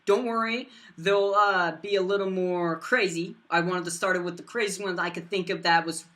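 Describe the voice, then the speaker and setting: A teenage boy vlogger telling a rambling storytime, full of fillers and bursts of loud silly voices. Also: high voice, fairly even intonation, normal speed. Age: teens.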